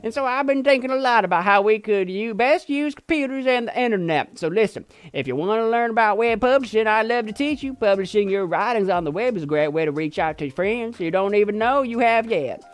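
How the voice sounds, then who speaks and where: A man's voice: high voice, lively intonation, a little fast, few pauses, clean tone, no room sound, voice pushed up. A man voicing an earnest, upbeat young web pioneer in a put-on accent with an eager, welcoming tone.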